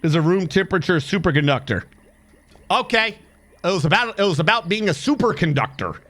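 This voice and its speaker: A man's voice: high voice, expressive, brisk, fairly bright tone. A man streaming a game, chatting casually in a rambling, profane way and counting under his breath as he plays. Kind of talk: casual rambling commentary while playing a game.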